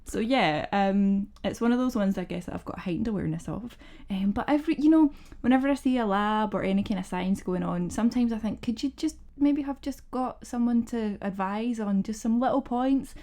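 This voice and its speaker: A woman, a scientist co-hosting a film review podcast, talking in a casual, wry and lively way. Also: fairly high pitch, a little fast, hardly any pauses. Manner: animated, wry, swears for effect.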